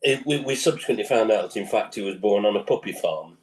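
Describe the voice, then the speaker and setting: A man, a dog owner asking for help in a webinar question session, halting and hesitant as he explains. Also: lowish voice, animated, darkish tone, a little hiss or hum. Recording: echoey, off-mic.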